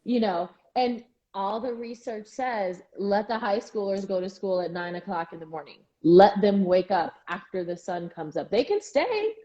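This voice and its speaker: A woman co-hosting a casual chat, talking in quick asides with frequent restarts. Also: medium pitch, expressive, dark tone, lo-fi sound. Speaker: co-host.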